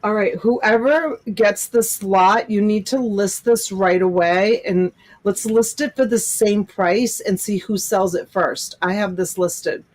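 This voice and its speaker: A woman hosts a live jewelry sale at an unhurried pace. She gushes over the items, laughs often and chats with her viewers. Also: medium pitch, darkish tone. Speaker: host selling jewelry lots in a live stream. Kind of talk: casual live-sale chat.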